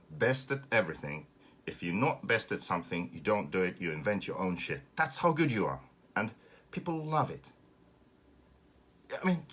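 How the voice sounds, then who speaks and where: A man's voice: fairly low pitch, slightly rough. A man from Finland with a Finnish accent, hosting a casual live stream and ranting sarcastically with plenty of swearing. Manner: sarcastic, swearing, animated rant.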